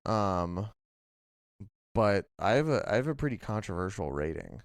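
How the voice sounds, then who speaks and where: A young man co-hosts a late-night podcast, chatting casually and rambling through his stories with lots of filler and swearing. His voice sits low and comes through smooth and resonant. The close mic keeps it dry, with no room sound. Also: very animated, normal speed, dry recording. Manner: rambling storytelling full of "like" and swearing. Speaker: podcast co-host.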